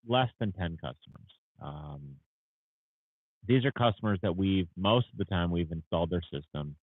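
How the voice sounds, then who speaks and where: A man's voice: low-pitched, normal speed, no room sound. A man who runs a landscaping business, talking casually on a livestream, tired and yawning, rambling with lots of fillers. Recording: tinny phone-like audio.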